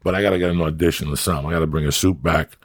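A man's voice: extremely low pitch, steady tone, racing. A middle-aged man, talking bluntly and profanely as a guest in a casual podcast chat, rambling through stories. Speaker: podcast guest, actor and comic.

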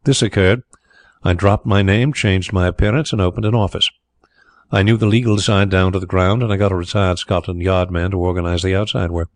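A man's voice: low-pitched, fairly even intonation, a little fast, no echo, natural voice. A man reading the part of an outspoken former solicitor who now runs a private inquiry agency. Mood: blunt. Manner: blunt, sometimes hot-tempered. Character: brisk, outspoken former lawyer turned inquiry agent. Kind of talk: audiobook character reading.

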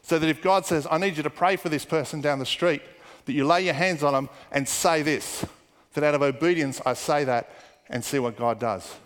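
Preaching man with a higher voice in a hall. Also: moderate pace. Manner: storytelling with hushed, muttered asides for quoted people. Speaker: pastor. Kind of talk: sermon.

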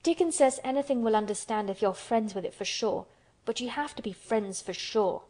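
Woman reading a blunt earnest girl; pitch up, plain and solemn. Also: moderate pace, darkish tone, natural voice. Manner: frank and earnest. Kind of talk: storybook character voice.

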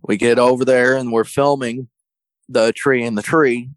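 A man telling a story in a folksy, colloquial way, getting animated when he quotes other people. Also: mid-range voice, moderate pace, no echo, rough recording. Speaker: guest storyteller. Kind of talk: casual storytelling.

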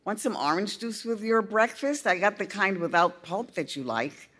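A woman voicing a weary, gentle middle-aged father with a soft, apologetic tone in a storybook reading. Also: mid-range voice, lively intonation, normal speed, slightly rough.

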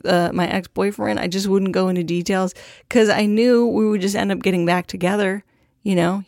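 A woman's voice: mid-range voice, darkish tone, dry recording. Young woman podcaster, swears a lot, candid and jokey, dry close mic. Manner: candid, profane and self-deprecating. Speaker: podcast host. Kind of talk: casual monologue.

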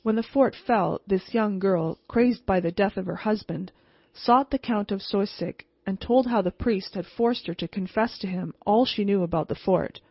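A woman reading a ghost story aloud in a steady, measured way. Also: mid-range voice, breathy edge, no room sound. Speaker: audiobook reader. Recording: slightly muffled, dry recording.

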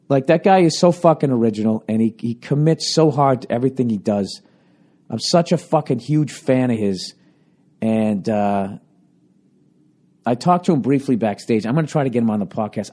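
Male comic, mid-range voice with some cracking, foul-mouthed ranting podcast monologue into a handheld recorder. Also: medium pitch. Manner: profane, ranting, animated. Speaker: stand-up comedian and podcaster.

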